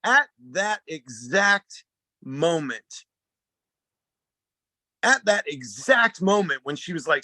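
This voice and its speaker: A man telling a personal story at a talk, animated and rambling, often restarting his sentences. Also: fairly high pitch, takes it slowly, pauses often, no room sound. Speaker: speaker at a talk.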